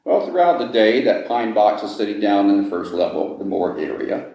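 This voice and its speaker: A man with a low, mellow voice tells a ghost story to visitors, dramatically pacing and lingering on the grisly parts. He is inside an old jail, and the hard rooms give his voice a strong, booming echo. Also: big pitch swings, brisk. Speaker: ghost story teller and guide. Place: old jail building, indoors. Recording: echoey room.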